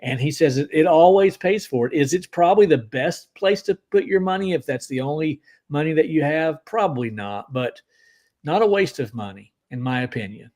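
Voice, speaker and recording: Upbeat male co-host with a slightly raised pitch, chatting casually and reading viewer questions on a live show. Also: lively intonation, moderate pace, darkish tone. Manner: upbeat, reads viewer comments aloud. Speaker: podcast co-host. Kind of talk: casual live-stream chat.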